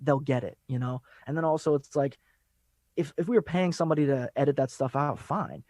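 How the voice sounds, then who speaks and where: A man guesting on a podcast, talking fast and laid-back in casual chat, laughing often. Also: mid-range voice, a little mellow, dry recording.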